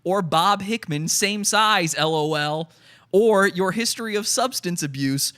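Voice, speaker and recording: A man hosting a livestream, reading out super chats in a sarcastic, mock-sincere, deadpan way. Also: sits high, a little slow. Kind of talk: sarcastic comedic livestream chat.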